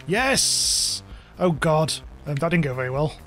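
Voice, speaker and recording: A man giving excitable, exclamatory commentary over a game, yelping and swearing at what happens on screen. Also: a little high, fairly quick, soft background music. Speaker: gameplay video host.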